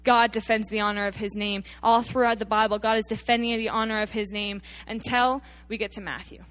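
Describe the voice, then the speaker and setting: Preaching a sermon to her congregation, a woman with a slightly higher-than-average voice retells scripture in an emphatic, storytelling style that sometimes sinks into quiet intensity. Her tone stays steady and her pace is a little fast.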